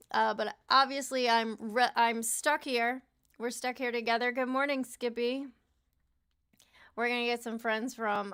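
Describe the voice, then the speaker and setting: A woman's voice: on the high side, vocal fry, fairly bright tone, clear, resonant tone, no echo, clean studio sound. A tired young woman chatting casually to her livestream chat, laughing often and swearing freely.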